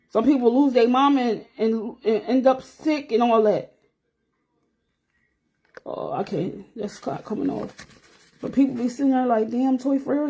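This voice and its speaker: A woman's voice: fairly high pitch, darkish tone. A woman in her forties chatting candidly to viewers on a livestream while doing her nails. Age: 40s. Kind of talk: casual chat on a livestream.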